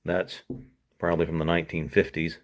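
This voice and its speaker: A man's voice: low-pitched, monotone, a little fast. A man hosting a casual vlog, talking in a folksy, laid-back way with chuckles. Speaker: host.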